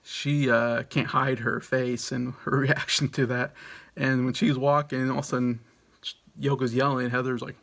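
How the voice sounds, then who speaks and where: A man's voice: mid-range voice, flat delivery, normal speed, gravelly, fairly bright tone. A man in his late thirties hosting a casual countdown video, rambling and chuckling with lots of fillers and restarts. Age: late 30s. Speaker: video host.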